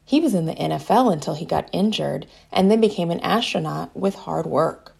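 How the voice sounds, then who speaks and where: A woman's voice: fairly low pitch, lively intonation, normal speed, gravelly, a little mellow, breathy edge, full character voice. A woman voicing a friendly, eager young boy in a children's story who chats cheerfully with his friend. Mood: upbeat.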